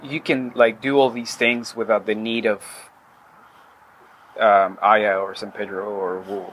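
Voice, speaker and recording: A man's voice: lowish voice, little pitch movement, unhurried, fairly bright tone, a little hiss or hum, poor audio. A man as a podcast guest, talking casually in a rambling way with many fillers and restarts. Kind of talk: casual interview chat.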